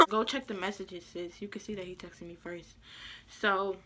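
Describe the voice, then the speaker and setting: Young woman vlogger, bright crisp voice, slangy and animated, laughs a lot telling her story. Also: mid-range voice, a little slow. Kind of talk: casual storytime.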